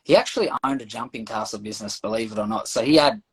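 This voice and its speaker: A man with an Australian accent, a podcast guest telling a lively anecdote in casual chat and acting out the people in it. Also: fairly low pitch, fast talker, husky, rough recording. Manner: animated anecdote-telling, acts out quoted voices.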